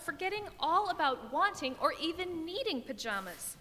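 A woman reading a children's story aloud, expressive and growing soft and low in the calm passages. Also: moderate pace, hardly any pauses. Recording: long reverb with music behind.

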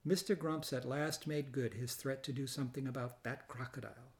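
A man narrating a children's storybook in a gentle, measured way. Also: medium pitch, fairly even intonation. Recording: reading over loud background music.

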